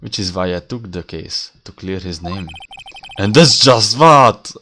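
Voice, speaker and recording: A man's voice: low voice, animated, unhurried, noisy background. A man voicing a nervous, earnest young male defense lawyer.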